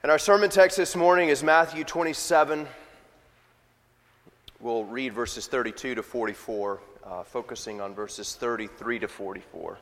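A man's voice: mid-range voice, normal speed, a bit bright. A male pastor delivering a sermon in a mid-range voice, earnest and emphatic. His words ring out with the long reverb of a large church hall. He reads scripture and prays from the pulpit. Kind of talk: sermon with scripture reading and prayer. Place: church sanctuary.

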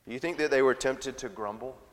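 Man preaching in an echoing hall. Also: quick pace. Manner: swings from loud emphatic preaching to quiet, low asides. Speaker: pastor. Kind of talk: sermon. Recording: long reverb of a large hall.

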